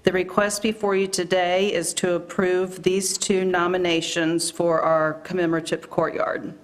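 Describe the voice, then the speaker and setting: Low-voiced woman reading a formal tribute. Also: little pitch movement, normal speed. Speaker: county staff presenter. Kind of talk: formal presentation at a public meeting.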